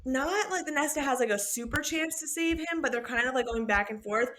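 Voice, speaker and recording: Animated young woman, sweary book chat. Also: high-pitched, brisk. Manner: animated, swears freely, acts out characters' lines. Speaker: podcast co-host. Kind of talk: casual book-recap chat.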